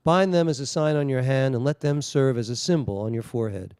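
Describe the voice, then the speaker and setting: A man, a rabbi, leading an online service over a video call, reading liturgy and telling stories with halting asides. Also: medium pitch, darkish tone, clean tone, no room sound, clean studio sound. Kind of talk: liturgy reading and casual storytelling.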